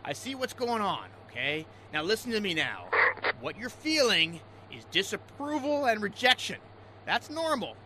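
A man's voice: sits high, very animated, normal speed, heavy background noise. An actor playing a hot-tempered fishing skipper in a radio comedy sketch, who bellows orders and then switches to an overdone soothing tone. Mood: mock soothing. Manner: yells in exasperation, then turns mock-soothing.

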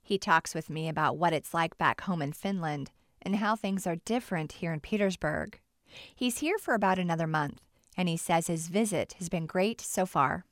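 A woman's voice: fairly low pitch, moderate pace, few pauses, no room sound, clean studio sound. A woman radio interviewer who reads scripted narration and asks plain, curious questions.

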